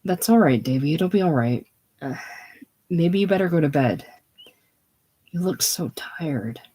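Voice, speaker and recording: A reader voicing a gentle, devoted young woman in a casual play reading, with soft, tender delivery. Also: medium pitch, lively intonation, a little slow, slightly rough. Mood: soothing.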